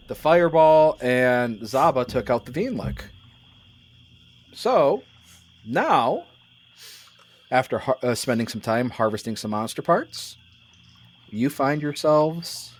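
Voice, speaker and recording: A man, narrating a tabletop game as game master in a casual, halting way with many restarts. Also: mid-range voice.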